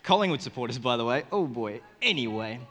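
A man's voice: medium pitch, fairly quick. Joking Australian man preaching. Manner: joking, animated storytelling with sudden loud and soft swings. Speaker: pastor. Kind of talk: sermon. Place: church service in front of a congregation.

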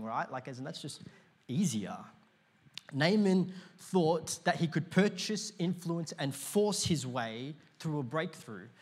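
A pastor in his thirties preaching a sermon to a congregation, chatty and animated with lots of "like" fillers and sudden loud bursts. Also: fairly high pitch, husky. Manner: conversational, many "like, as in" fillers, bursts of shouting. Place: church auditorium before a live congregation.

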